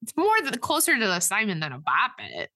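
Bright, rambling young-sounding woman recapping a movie. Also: mid-range voice, wildly swooping pitch, a little fast, no echo. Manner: rambling, filler-heavy retelling with quoted voices. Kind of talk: casual movie recap chat.

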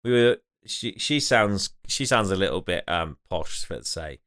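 A man's voice: deep voice, expressive, unhurried, fairly bright tone. A man co-hosting a podcast, chatting casually, rambling a bit and laughing often. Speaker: podcast co-host. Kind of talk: casual banter.

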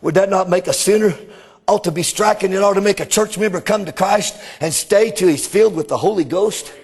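A middle-aged man, preaching a sermon with fervor, often rising into shouted exclamations. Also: high voice, a little fast, husky.

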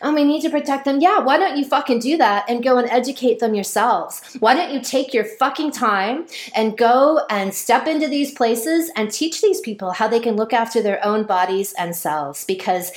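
A woman in a profane, sarcastic ranting monologue who mocks others in high, whiny voices. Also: moderate pace, hardly any pauses, reverberant.

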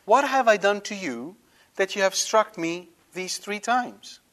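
A man's voice: high voice, expressive, unhurried, a bit bright, pitched above the performer's own voice. A man voicing a hurt, bewildered female donkey in a Bible lesson, asking her plaintive question in a raised voice.

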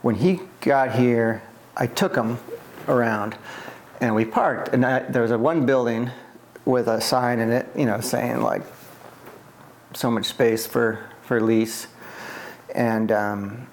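Brief: man from the US East Coast, mid-pitched, rambling storyteller in an oral history interview. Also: slow, long pauses, a little hiss or hum. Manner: rambling, conversational, many fillers and restarts.

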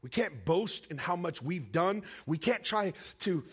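A man preaching a sermon, telling a personal story with emotional swings between raised cries and hushed, quiet passages. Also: expressive, measured pace, slightly rough. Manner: emotional storytelling with sweeping highs and hushed lows.

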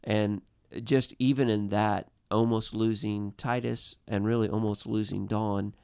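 Earnest male storyteller, thirties, low smooth voice with gravel, dry close sound. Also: flat delivery, a little mellow, no room sound. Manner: earnest, halting with restarts. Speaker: guest. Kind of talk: personal storytelling in a podcast chat.

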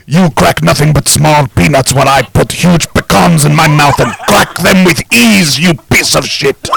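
A man's voice: on the high side, normal speed, vocal fry, fairly bright tone, slight background noise, voice pushed up, poor audio. A man playing a pompous self-crowned king. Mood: boastful. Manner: grandiose, formal mock-royal speech. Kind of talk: improvised comedy bit.

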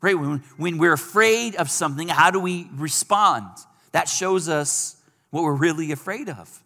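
A man's voice: fairly high pitch, unhurried, sharp tone, big-room sound. A man preaching a sermon in a conversational way, lifting his voice when he acts out pleading quotes.

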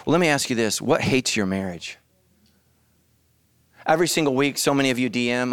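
A middle-aged man, a pastor, preaching an animated comic sermon full of storytelling, shouts and acted voices. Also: mid-range voice, quick pace, no echo, studio quality.

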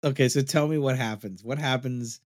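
Brief: male host, mid-pitched, teasing and playful, dry close sound. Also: moderate pace, dry recording. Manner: teasing, builds joking scenarios. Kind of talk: casual chat.

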